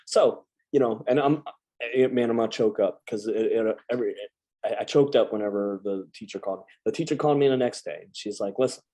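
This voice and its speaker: A man in his thirties, a veteran guest telling a family story in casual chat, animated and full of restarts. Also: fairly low pitch, fairly quick.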